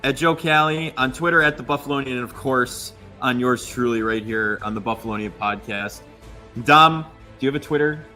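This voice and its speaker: A man hosting a podcast, chatting casually through live draft coverage with quick asides. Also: mid-range voice, bright, forceful tone, faint music behind. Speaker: podcast host.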